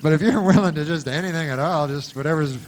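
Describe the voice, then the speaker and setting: A man telling a meandering stand-up story in a deadpan way, full of asides. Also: a little high, fast talker, a little hiss or hum. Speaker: stand-up comedian.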